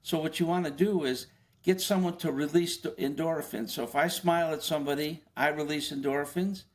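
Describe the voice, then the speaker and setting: An older man, a former FBI agent being interviewed, explaining in a conversational way, often posing rhetorical questions and stumbling into quick restarts. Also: fairly high pitch, steady tone.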